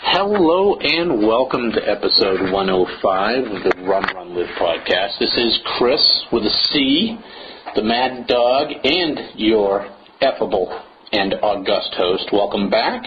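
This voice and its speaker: A man's voice: fairly low pitch, lively intonation, slow. Playful, wordy American man hosting a podcast. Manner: playful, theatrical, wordy, with swells of emphasis. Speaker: podcast host. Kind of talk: solo podcast monologue. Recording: slightly dull, faint hiss.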